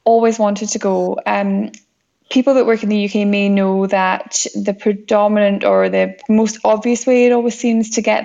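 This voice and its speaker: A woman working as an expedition doctor talks through her experiences in a relaxed interview, full of ums and restarts. Her voice has a gravelly fry in it. The recording is dull and lo-fi. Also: mid-range voice. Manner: chatty, many fillers and restarts. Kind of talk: casual interview talk.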